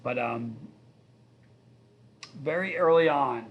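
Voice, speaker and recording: A man's voice: medium pitch, slow pace, narrow, tinny audio. A man in his fifties hosting a live stream, chatting casually, reading viewer questions and rambling through stories. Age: 50s. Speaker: livestream host.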